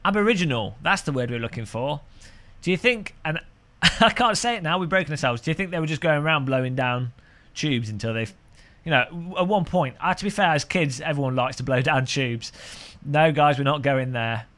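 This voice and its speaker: A man's voice: a little high, expressive, fairly quick, a bit bright. A British man chatting casually and jokily on a sim racing live stream, rambling between topics from a room at home. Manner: rambling, jokey, chuckles often. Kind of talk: casual live-stream chat while gaming.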